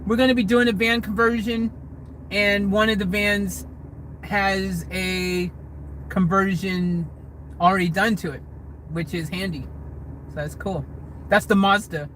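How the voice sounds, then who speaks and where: A man's voice: sits high, fairly even intonation, unhurried, pauses often, a bit bright, a little hiss or hum, rough recording. A man from the United States chatting on a livestream Q&A, reading out comments and answering in a rambling, hedging way with lots of restarts. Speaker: vlogger answering live chat. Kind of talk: livestream Q&A chat. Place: inside a car.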